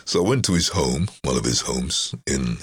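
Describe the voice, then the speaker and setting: A man talks in a casual interview with an extremely deep, rumbling voice that carries a husky edge. He tells stories with confidence, acting out what others said. His delivery is relaxed and self-assured. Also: moderate pace, dry recording. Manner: confident storyteller who acts out quotes. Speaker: voice-over artist and guest. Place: his home during lockdown.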